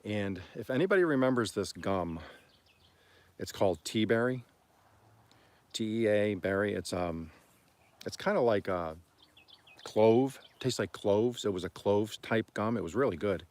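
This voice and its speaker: A man from Oklahoma hosting a homestead livestream, telling stories in a rambling, folksy way and often clearing his throat. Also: lowish voice, lively intonation, unhurried, pauses often, a little mellow. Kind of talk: casual storytelling on a livestream.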